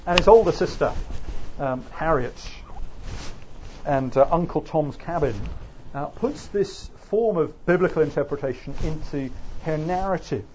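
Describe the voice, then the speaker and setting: A male lecturer with an Oxford English accent talks through a classroom lesson. He hesitates often and fills his pauses. His voice sits a little higher than average, and the recording is slightly muffled. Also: a little mellow, a little hiss or hum. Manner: hesitant, frequent fillers.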